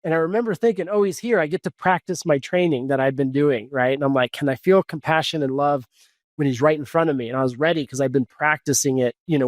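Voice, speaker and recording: A man, a coach and podcast guest, tells a personal story in a casual, animated way, full of fillers and restarts. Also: fairly high pitch, no room sound.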